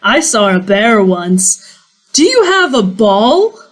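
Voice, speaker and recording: A woman's voice: mid-range voice, big pitch swings, slow pace. Cast note: a cheerful, simple-minded dog in a tabletop game, short childlike lines, voiced by a woman. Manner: childlike, plain short sentences. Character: eager happy male dog, simple and affectionate.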